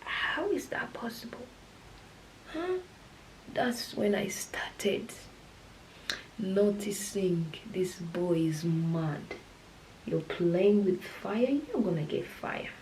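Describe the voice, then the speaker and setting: A young woman vlogger in a casual storytime vlog, chatty and animated, often dropping into hushed whispers. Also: lowish voice, very slow, slight background noise, rough recording.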